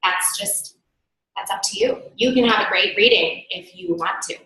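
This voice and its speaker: A woman's voice: medium pitch, normal speed, pushed and bright, slight background noise. A woman hosting a spiritual talk, an earnest medium coaching listeners and repeating key phrases. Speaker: psychic medium, host. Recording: very echoey room.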